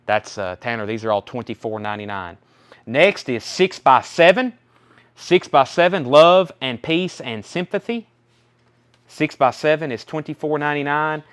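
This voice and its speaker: A man's voice: fairly high pitch, lively intonation, moderate pace, fairly bright tone, clear, resonant tone. Chatty man hosting a live record sale. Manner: chatty, rattles off titles and prices. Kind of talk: casual live sales stream.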